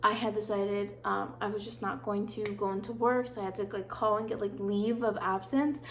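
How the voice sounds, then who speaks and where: A woman's voice: mid-range voice, fairly even intonation, normal speed. A woman in her twenties vlogging, telling personal stories in a chatty, dramatic way full of fillers. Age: 20s. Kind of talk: casual storytelling.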